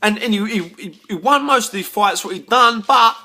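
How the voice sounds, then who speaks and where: A man's voice: sits high, normal speed, bright, forceful tone. A tipsy man, rambling to camera in a casual rant, stumbling over repeated words and swearing when riled. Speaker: vlogger.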